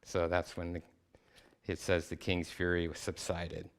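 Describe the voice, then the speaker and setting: Guest preacher, male, deep and clear-toned; casual storytelling sermon with laid-back, slangy phrasing. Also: level tone, measured pace. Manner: retells scripture in everyday slang. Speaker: guest speaker. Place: chapel.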